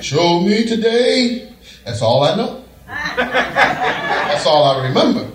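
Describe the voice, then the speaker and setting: A middle-aged man preaching a sermon in a rhythmic, folksy way that rises to shouts, in an echoey church recorded from a distance. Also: high-pitched, very animated, slow pace, background noise. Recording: echoey church heard from afar.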